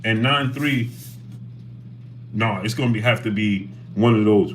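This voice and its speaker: A man's voice: fairly low pitch, unhurried, pauses often, a little hiss or hum. A man hosting a casual boxing livestream, talking animatedly and greeting chat viewers by name.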